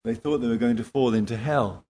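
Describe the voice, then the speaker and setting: A man preaching a sermon at a church in Singapore, slow and emphatic. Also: slightly rough. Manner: slow, emphatic preaching with lively pitch swings.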